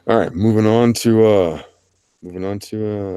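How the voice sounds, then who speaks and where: A man's voice, on the low side with a dark yet clean tone, comes at a measured pace with no room sound. As host of a laid-back art livestream, he rambles, jokes about the chat and the artists, and pokes fun at himself.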